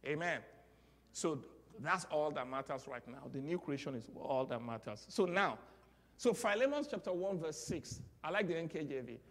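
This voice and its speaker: A man with a Nigerian accent preaching a sermon, leading call-and-response and building to loud exclamations. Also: a little high, lively intonation, normal speed. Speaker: pastor. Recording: long hall reverb.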